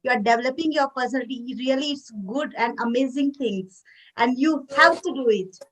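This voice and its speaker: A woman's voice: sits high, a little fast, rough recording. A woman hosting a video call, encouraging her guest and often repeating words as she asks questions. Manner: encouraging, repeats words, non-native phrasing. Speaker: host, English teacher.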